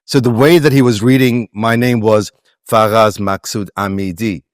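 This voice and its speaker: Pakistani man, guest in an interview, lowish voice, dry close sound, thinks aloud and circles back. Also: steady tone, moderate pace, dry recording. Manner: reflective, meandering with frequent restarts and fillers. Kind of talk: conversational interview.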